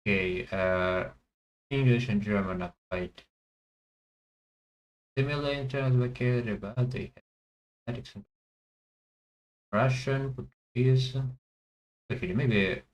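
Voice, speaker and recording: A man thinking aloud as he plays a language guessing game, hesitant and full of pauses and fillers. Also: mid-range voice, poor audio. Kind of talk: thinking aloud while playing.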